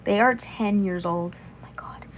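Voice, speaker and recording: A woman's voice: mid-range voice, measured pace, a little hiss or hum, poor audio. A woman in her twenties chatting casually on a livestream, rambling and repeating herself. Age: 20s. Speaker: vlogger.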